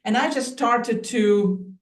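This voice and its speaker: A woman artist telling her story as a podcast guest, warm and laughing easily, with small restarts. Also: fairly high pitch, takes it slowly, far from the mic. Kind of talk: casual interview chat. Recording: roomy, echoey sound.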